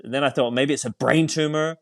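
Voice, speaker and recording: Male priest, interview guest; candid, faltering storyteller with wry humor; mid-pitched, smooth, dry close-mic sound. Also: fairly even intonation, no room sound. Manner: reflective, halting, with frequent fillers and light self-mocking laughs.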